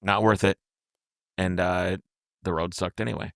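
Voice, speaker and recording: A man telling a road trip story in casual podcast chat, animated and acting out the voices of the people he quotes. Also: low voice, moderate pace, creaky, no echo, studio quality. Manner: animated, acts out quotes, repeats and restarts words.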